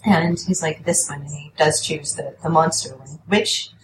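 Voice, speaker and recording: A woman telling an animated anecdote in casual chat, swearing freely and acting out quoted lines in a higher voice. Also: normal speed, roomy sound, over music, poor audio. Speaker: storyteller guest.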